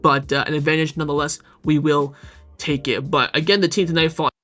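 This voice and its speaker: Male fan analyst, steady and measured, slightly high voice. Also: faint music behind. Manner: measured, even-toned analysis. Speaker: fan commentator in a played clip. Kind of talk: post-match analysis.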